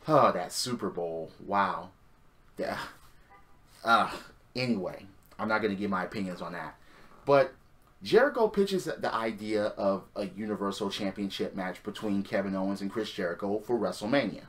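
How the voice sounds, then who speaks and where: A man talking through a wrestling episode in a loose, sarcastic monologue. He sighs, swears freely, and his pitch swings widely as he reacts. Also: a bit bright. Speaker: wrestling show reviewer. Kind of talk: casual recap monologue.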